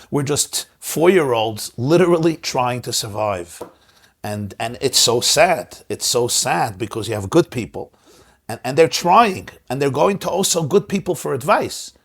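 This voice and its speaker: A man's voice: animated, a little slow, gravelly, breathy edge. A man, a rabbi hosting a conversational discussion, who speaks emphatically and often repeats words while searching for them. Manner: swings between soft low asides and rising stressed words. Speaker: rabbi and host.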